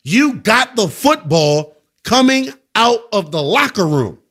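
A fired-up man hosting sports talk radio, his voice sitting a bit high for a man. He hammers his opinions home, then drops into quieter, heavier stretches. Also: very animated, slow. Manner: emphatic, opinionated, swings from loud to subdued.

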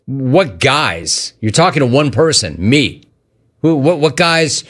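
A man hosting a sports talk radio show, taking calls and joking around in a fast, rapid-fire way. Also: medium pitch, sing-song, a bit bright, breathy edge.

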